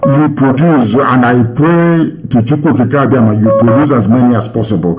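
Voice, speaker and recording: A man's voice: medium pitch, brisk, music in the background, rough recording. A man, hosting a live call-in Q&A and lecturing at length, repeating phrases and firing rhetorical questions. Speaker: host answering callers.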